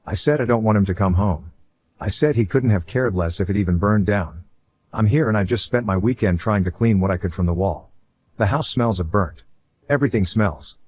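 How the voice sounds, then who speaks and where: A man's voice: lowish voice, a little fast, darkish tone. A man reading a first-person online story aloud in a casual, conversational way. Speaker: story narrator.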